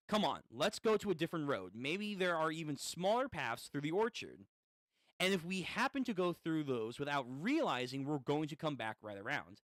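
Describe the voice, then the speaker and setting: A man's voice: fairly high pitch, big pitch swings, normal speed, a bit bright, no echo, clean studio sound. A man casually reading a comic aloud and reacting as he goes, swearing often. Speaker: comic read-through host.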